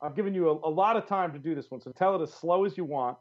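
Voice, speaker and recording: A man's voice: fairly high pitch, fast. Podcast host guy, easygoing, nudging his guest along, kinda muffled. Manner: relaxed, prompting the guest. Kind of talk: casual podcast chat.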